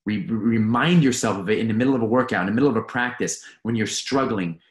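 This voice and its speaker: A man's voice: fairly low pitch, fast talker. A man giving an earnest, emphatic motivational talk as a mental performance coach, repeating his key phrases. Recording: roomy echo.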